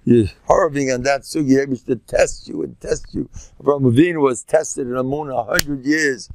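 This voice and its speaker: A man's voice: mid-range voice, normal speed, a little mellow, slight background noise. An older man, a rabbi giving an informal Torah talk, folksy and joking, sprinkling Yiddish and Hebrew words and jumping between teaching and banter.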